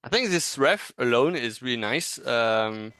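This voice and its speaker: Male reviewer giving feedback, smooth clear voice, dry close sound, halting and encouraging. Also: medium pitch, expressive, sharp tone, no room sound. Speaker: animation reviewer. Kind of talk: casual teaching critique.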